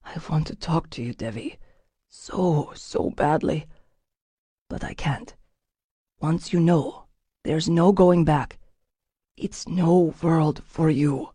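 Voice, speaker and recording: A woman voicing a guarded, intense man who speaks in low, clipped, urgent tones and often drops to a hush, in an audiobook. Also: fairly even intonation, takes it slowly, husky, no room sound. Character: guarded intense man, cold then desperate.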